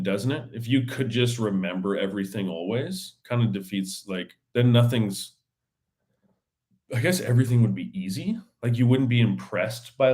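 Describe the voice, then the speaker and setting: A man hosting his own podcast, chatting casually on his own in a rambling, slangy way with many fillers and restarts. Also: mid-range voice. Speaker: podcast host. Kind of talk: casual solo chat.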